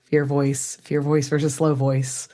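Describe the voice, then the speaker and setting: A woman co-host with a notably low voice chats casually on a live stream and passes along viewer comments. She is playful and self-mocking, with a hint of stage flair. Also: little pitch movement, measured pace, dark tone. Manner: playful, self-deprecating, a touch theatrical. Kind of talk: casual chat.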